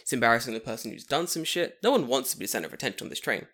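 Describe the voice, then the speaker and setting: A young man telling a long story in casual chat, profane and animated, acting out what people said. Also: medium pitch, rapid-fire. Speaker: podcast co-host telling a story.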